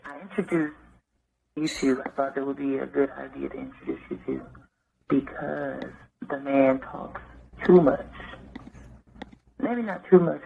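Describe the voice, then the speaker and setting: A man's voice: mid-range voice, vocal fry, a little hiss or hum. A man leaving a rambling voicemail in a groggy morning voice, thinking aloud with lots of fillers. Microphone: phone. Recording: tinny phone line voicemail.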